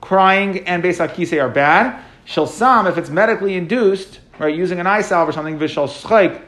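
Male teacher giving a Talmud class, slightly high voice, translates and explains as he goes with lots of "um" and "okay". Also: a bit bright. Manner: quick explanatory, translating line by line with frequent fillers.

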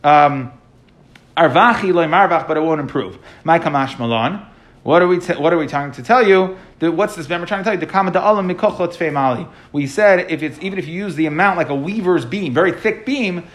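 A man teaching a Talmud class, translating the text line by line and explaining it with frequent fillers. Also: fairly high pitch.

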